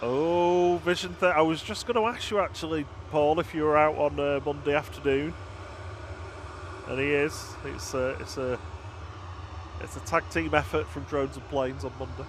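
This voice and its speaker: A man's voice: on the high side, steady tone, normal speed. Chatty man outdoors by a runway. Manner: chatty, reads out viewer comments, laughs easily. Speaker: livestream co-host. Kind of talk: casual live commentary. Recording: outdoor noise, aircraft and traffic.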